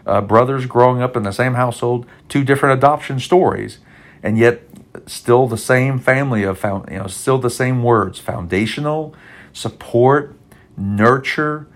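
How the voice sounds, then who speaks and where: A man's voice: medium pitch, normal speed. A man preaching a podcast sermon, heartfelt and rambling with many restarts, audibly emotional and near tears. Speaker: pastor.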